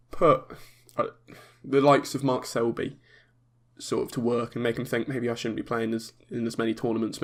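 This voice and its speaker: A young man hosting a solo podcast, talking in a chatty, excitable way with frequent restarts. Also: mid-range voice. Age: young adult. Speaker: podcast host. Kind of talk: casual solo podcast commentary.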